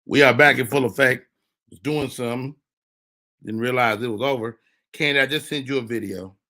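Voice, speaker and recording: A bright, forward male voice running a live comedy show. He teases his co-hosts in casual banter. Every so often he bursts into loud, excited shouts. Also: mid-range voice, a little fast. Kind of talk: loose live comedy chat.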